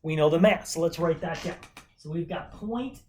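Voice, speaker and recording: A man's voice: a little high, moderate pace, slight background noise. Upbeat man teaching chemistry. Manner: upbeat, chatty, asks frequent rhetorical questions. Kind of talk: informal recorded chemistry lesson.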